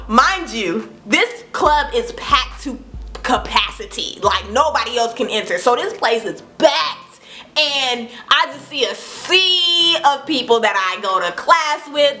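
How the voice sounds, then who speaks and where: A woman in her twenties, a vlogger telling a casual storytime, animated and acting out what people said. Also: fairly high pitch. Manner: animated, acts out quotes with laughs.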